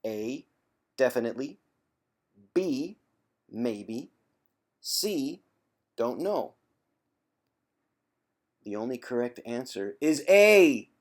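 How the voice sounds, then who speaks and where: A man's voice: medium pitch, big pitch swings, very slow, long pauses. Man giving teasing tough-love advice. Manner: conversational, with frequent throat clearing. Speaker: former chronic pain sufferer giving advice. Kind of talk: direct-to-camera vlog monologue.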